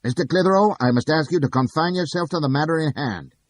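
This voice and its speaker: A man's voice: a little high, fast, pitched above the performer's own voice, lightly acted. A man voicing a curt male adjudicator snapping out rulings in court.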